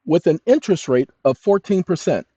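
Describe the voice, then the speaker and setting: A fairly high-voiced man lectures his audience with insistent emphasis, slowing down to dictate text word by word. The recording is dry and dull, with a muffled, lo-fi sound. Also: expressive, slightly rough, no echo. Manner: emphatic, addresses listeners as "ladies and gentlemen"; slow, deliberate dictation of text. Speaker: channel host. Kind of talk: lecturing monologue to viewers.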